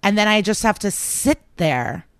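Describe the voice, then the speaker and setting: Smooth-voiced woman, chatty comic guest. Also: mid-range voice, lively intonation, unhurried, no room sound, studio quality. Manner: chatty, self-deprecating storytelling. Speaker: comedian guest. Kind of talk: casual comedic chat.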